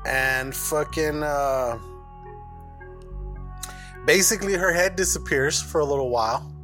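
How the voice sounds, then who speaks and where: A man's voice: a little high, measured pace, fairly bright tone, soft background music. A man co-hosting a podcast in loose, profane casual chat, laughing often. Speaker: podcast co-host.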